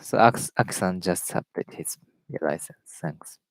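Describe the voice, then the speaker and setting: Man reading aloud haltingly in English. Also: low voice, dry recording. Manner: reads aloud haltingly, repeats words, greets viewers. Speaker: live stream host. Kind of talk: casual reading and commentary.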